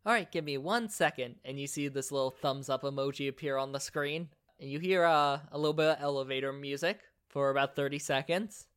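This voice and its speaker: Smooth-voiced man running a tabletop game. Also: medium pitch, fairly quick, few pauses. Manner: relaxed, conversational narration with fillers. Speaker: game master.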